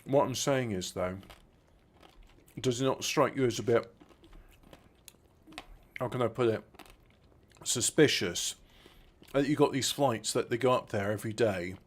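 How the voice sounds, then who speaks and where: A man drifts through a casual podcast chat at an ordinary pitch. He trips over his own sentences, restarting and padding with fillers as he goes. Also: slight background noise. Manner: rambling, halting, with many restarts and fillers. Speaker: podcast co-host.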